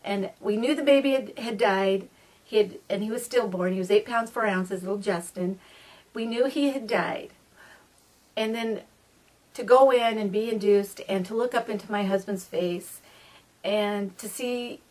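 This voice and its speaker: A woman's voice: on the high side, moderate pace. A middle-aged woman telling personal stories to viewers in a chatty, earnest way, often calling them folks. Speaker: vlogger. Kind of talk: personal storytelling monologue. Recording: voice a bit distant from the mic.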